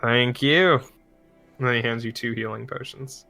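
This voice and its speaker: A man's voice: medium pitch, little pitch movement, fast, creaky, bright, forceful tone, faint music behind. A man narrating as game master of a tabletop game in a casual, easygoing way. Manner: casual, laughs often, uses fillers like 'like'.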